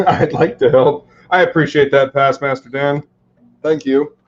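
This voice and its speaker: A man's voice: mid-range voice, fairly even intonation, a little slow, slight background noise. A man cooking in his home kitchen, chatting casually with viewers in a wry, joking way and swearing now and then. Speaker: cooking streamer. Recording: muffled lo-fi home recording.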